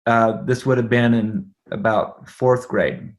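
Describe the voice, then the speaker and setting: Middle-aged man telling an animated story. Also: fairly low pitch, takes it slowly. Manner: animated, laughing, checks in with "right?". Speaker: guest. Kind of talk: personal storytelling in an interview.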